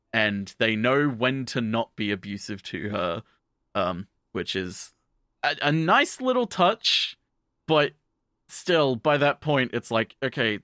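A man's voice: on the low side, pushed and bright, no room sound, clean studio sound. A man co-hosting a podcast, retelling an anime episode in a rambling, profane, casual way. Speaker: podcast co-host.

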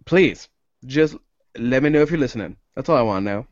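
A man's voice: medium pitch, animated, brisk, no room sound, dull audio. A man co-hosting a casual podcast, rambling and joking at his own expense. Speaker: podcast co-host.

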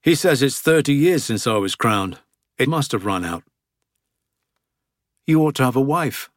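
A tired middle-aged minister of the crown with a dry wit, as the reader voices him. His voice sits at a middle pitch and is recorded close in a dead-dry studio. The telling is an audiobook scene. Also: lively intonation, unhurried, no room sound, natural voice. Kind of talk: audiobook character reading.

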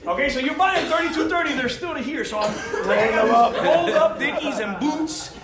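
High-voiced man telling a comic story. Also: fairly quick, over a noisy crowd. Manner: animated, laughing through his lines, slangy with lots of "bro". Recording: roomy sound with loud audience laughter.

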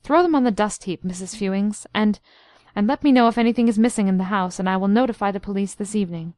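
A woman voicing an earnest young male scientist who speaks lightly and gets hurried when alarmed. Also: mid-range voice, darkish tone, dry recording, natural voice. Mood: brisk.

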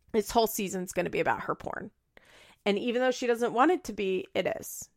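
A woman's voice: medium pitch, gravelly, bright, forceful tone. A woman casually recapping a reality show, gossipy and profane. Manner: gossipy, profane, laughs often.

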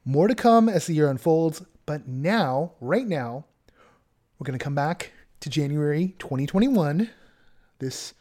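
A man's voice: on the high side, lively intonation, takes it slowly, darkish tone. A man hosting a podcast interview in a chatty, casual way, laughing often and filling his speech with "like" and "um". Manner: chatty, laughs often, lots of filler words. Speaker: podcast host.

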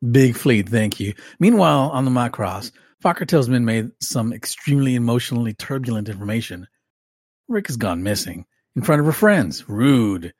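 A man's voice: mid-range voice, animated, moderate pace, darkish tone, dry recording, clean studio sound. A man co-hosting a podcast, reading a recap aloud with wry joking asides. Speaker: podcast co-host.

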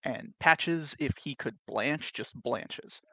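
Player narrating his character, gravelly voice, relaxed and detailed, dry recording. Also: mid-range voice, dry recording. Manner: casual, unhurried, detailed. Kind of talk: describing his character's actions in a tabletop game.

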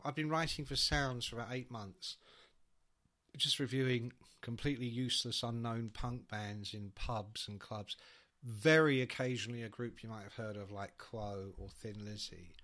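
A man, a rock journalist, chatting casually and telling animated anecdotes. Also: medium pitch, normal speed. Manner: animated storyteller, acts out quotes.

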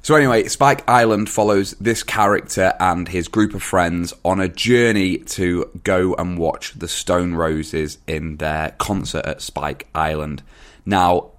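Man, very low voice, dry storyteller, easygoing. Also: unhurried. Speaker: podcast co-host. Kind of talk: casual chat.

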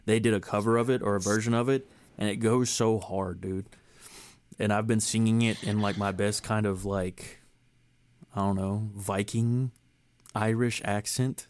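Clear and resonant, the fairly low voice of this podcast host moves at a measured pace. Chatting casually with his friends, he rambles comfortably and uses a lot of fillers.

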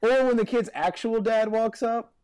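A man's voice: very high-pitched, steady tone, moderate pace, noisy background. A man co-hosting a casual podcast chat, telling rambling stories and laughing often.

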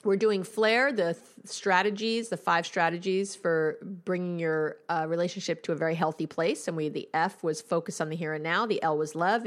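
A woman's voice: on the low side, normal speed, few pauses. A woman, a couples therapist, hosting an advice podcast in a candid, conversational and emphatic way.

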